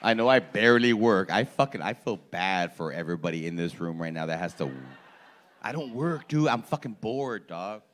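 A man in his forties doing crowd-work stand-up in a comedy club, loud and profane, teasing people in the audience. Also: on the low side, animated, normal speed, slight background noise. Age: 40s.

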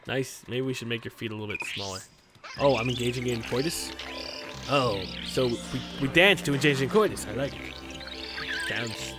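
A young man casually commenting while playing a video game, joking, reading on-screen prompts aloud and talking to his creature. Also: medium pitch. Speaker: gaming YouTuber. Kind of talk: let's play commentary.

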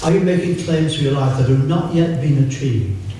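An older man gives a relaxed sermon in a mellow, low-lit voice. He teases himself and the room, then turns slow and earnest for scripture. His voice is picked up from a distance in a strongly echoing hall. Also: slight background noise. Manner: chatty, self-mocking, slows right down for scripture. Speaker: preacher. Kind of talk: informal sermon. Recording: echoey room, voice from far off.

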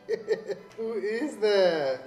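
A man's voice: high voice, animated, very slow, darkish tone, very echoey, recorded from a distance, faint music behind. A man in casual chat, teasing and amused and often laughing. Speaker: vlogger's partner.

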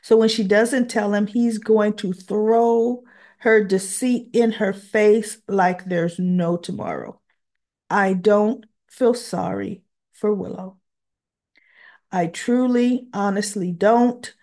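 A woman's voice: medium pitch, slow pace. Exasperated, teary woman recapping a soap. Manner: exasperated, animated retelling. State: emotional, teary. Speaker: soap opera recap vlogger. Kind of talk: casual recap monologue.

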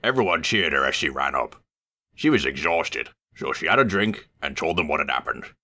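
A man reading a children's story aloud, expressive and animated. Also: extremely low pitch, normal speed.

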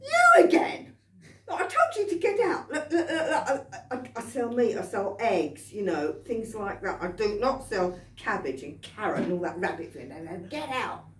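A woman's voice: mid-range voice, big pitch swings, normal speed, few pauses, slight background noise, natural voice. A woman acting out an irritable male butcher who scolds and orders someone out of his shop, heard live in an echoey room from a distance. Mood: exasperated. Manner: exasperated, scolding, ramps up to shouts. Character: irritable male shopkeeper, gruff and fed up.

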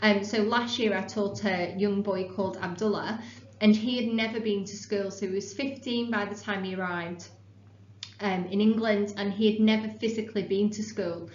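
Woman teacher reading a book aloud, clear and steady, classroom echo, faint hum. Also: mid-range voice, moderate pace. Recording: echoey room, dull sound, faint hum.

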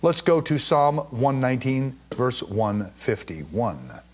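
Male Bible teacher from Jerusalem, husky voice, animated emphatic delivery with stammered restarts. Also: mid-range voice, slow pace.

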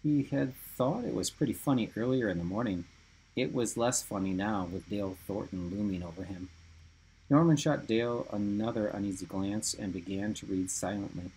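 A man narrating a story aloud in a low, even storytelling manner. His voice has a gravelly, fry-edged texture and a husky, raspy tone. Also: normal speed, rough recording. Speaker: reader. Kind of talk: audiobook narration.

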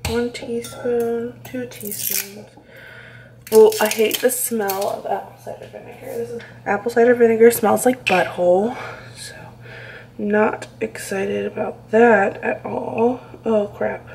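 A woman's voice: fairly high pitch, fairly even intonation, a little slow, gravelly, darkish tone, a little hiss or hum, rough recording. A young woman vlogging casually at home, reacting dramatically and squeamishly as she talks through a recipe. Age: young adult. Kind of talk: casual vlog chat.

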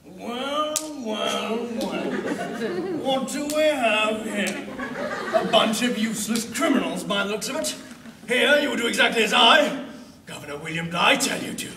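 A man's voice: high-pitched, animated, measured pace, background noise. A young man playing a bossy, blustering colonial governor in a solo school drama performance. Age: young adult. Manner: barking, domineering. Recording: echoey room, far camera.

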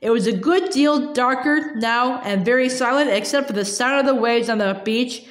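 A woman reads a children's novel aloud as narrator, in a plain storytelling manner. Her voice sits fairly high. The recording has a noticeable room echo. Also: normal speed. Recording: roomy echo.

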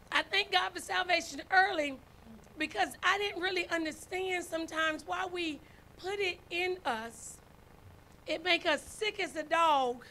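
A woman's voice: extremely high pitch, pushed and bright, slight background noise. A woman preaching a sermon, folksy and storytelling, calling out to her congregation. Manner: folksy, storytelling, calls out to congregation with "y'all" and "right?". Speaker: first lady preacher.

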